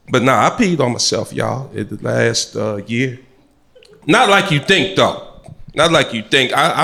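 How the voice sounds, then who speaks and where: A middle-aged man doing live stand-up comedy, an animated storyteller who shouts and acts out voices. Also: mid-range voice, gravelly.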